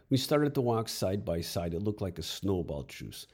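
A man's voice: low-pitched, very animated, moderate pace, few pauses, a little mellow, husky. A man telling a first-person story with wry, crude humor.

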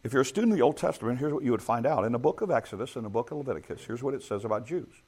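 A man's voice: mid-range voice, animated, racing, a little mellow, breathy edge. A middle-aged man preaching a sermon in a conversational way, asking his listeners rhetorical questions. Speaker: pastor.

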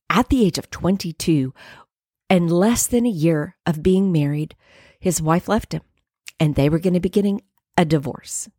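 A middle-aged woman from the United States hosting a faith podcast, telling a personal story earnestly and dropping to soft whispers at times. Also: fairly low pitch, dry recording, clean studio sound. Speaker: podcast host.

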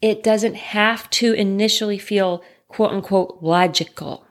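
A woman's voice: medium pitch, fairly even intonation, a little slow. A woman talking straight to the listener in an earnest, reassuring way, asking rhetorical questions as she explains. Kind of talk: direct-to-listener talk on trauma.

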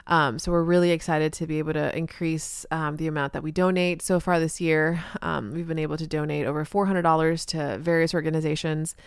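Chatty woman hosting a podcast, smooth voice. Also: low-pitched, fairly even intonation, fairly quick, hardly any pauses, dry recording, studio quality. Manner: chatty and upbeat, many ums. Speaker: podcast host, social media marketer. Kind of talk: casual solo podcast talk. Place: podcast studio with couch and rug.

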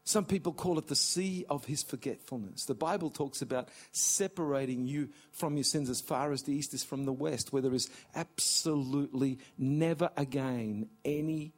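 A middle-aged male pastor preaching a sermon with passion, climbing to shouts at the high points. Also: moderate pace, few pauses. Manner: impassioned, rising to shouts.

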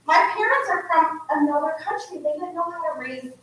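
Fairly quick and high-voiced, this American woman is a guest speaker and author improvising a heartfelt personal story before a live audience. Her delivery is earnest and animated, picked up by a distant mic in an echoey room.

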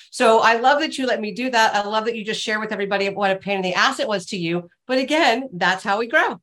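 A woman's voice: fairly high pitch, quick pace, few pauses, a bit bright. A middle-aged woman, a leadership coach, giving advice in a reflective and emphatic way.

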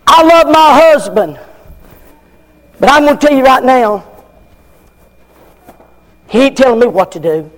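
A man voicing a defiant churchgoing wife who refuses to submit, talking sassy and loud. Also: extremely high pitch, expressive, a little slow, pauses often, big-room sound, rough recording.

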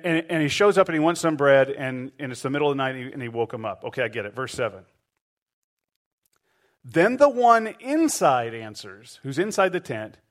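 Male pastor, middle-aged, lively storyteller in a sermon, slightly higher voice. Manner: animated storytelling, acts out voices.

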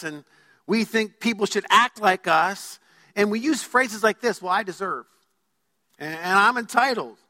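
A man's voice: high voice, pushed and bright. A man preaching a sermon as pastor, emphatic, putting questions to his congregation. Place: church sanctuary. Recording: long hall reverb.

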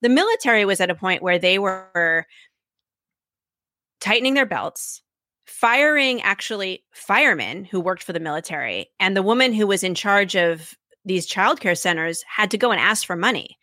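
A woman's voice: mid-range voice, expressive, normal speed, bright, forceful tone, dry recording. Enthusiastic woman, dry close sound. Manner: enthusiastic storyteller, laughs often, acts out quotes. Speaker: podcast creator, guest. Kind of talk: casual interview chat.

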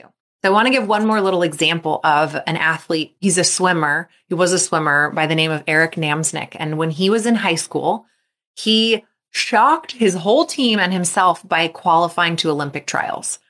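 Lively woman coach podcasting. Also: on the low side. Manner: lively storytelling, acting out athletes' inner voices. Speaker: mental performance coach and podcast host. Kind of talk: solo podcast talk.

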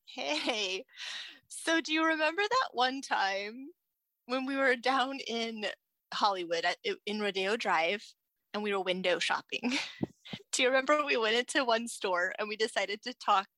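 Woman, podcast co-host, casual chat, bright voice, dry recording. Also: on the high side, animated, measured pace, dry recording. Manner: chatty, frequent fillers and restarts.

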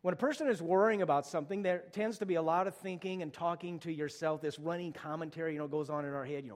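Middle-aged male pastor, conversational sermon delivery that builds to urgent appeals, fairly high voice, echoing sanctuary. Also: quick pace, few pauses, darkish tone. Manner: conversational storytelling, rising to urgent exhortation.

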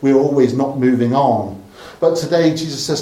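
A man from Dorset preaches a sermon, telling the story in a chatty, joking way. His voice sits at a middle pitch. The recording is roomy and echoey, with faint background noise. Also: normal speed, few pauses. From Dorset, England. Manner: conversational storytelling, humorous asides, softening to a hush at the close. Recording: echoey room.

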